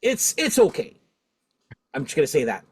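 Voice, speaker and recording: Chatty middle-aged man, higher voice. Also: normal speed, husky. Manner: talkative, animated, laughs often. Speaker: podcast host. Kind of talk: casual chat.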